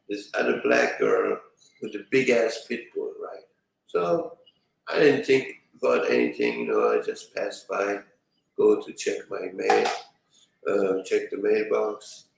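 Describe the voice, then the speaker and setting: Male streamer, slow rambling delivery, heard from off-mic in a very echoey room. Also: fairly low pitch, gravelly, distant mic. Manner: rambling, fills with "you know". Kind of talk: casual storytelling to viewers.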